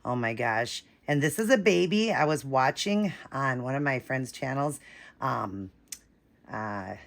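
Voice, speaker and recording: A woman vlogging an unboxing, gushing and breathless, shaky with excitement, repeating herself as she talks to viewers. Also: a bass voice, unhurried, vocal fry. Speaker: vlogger unboxing a reborn doll.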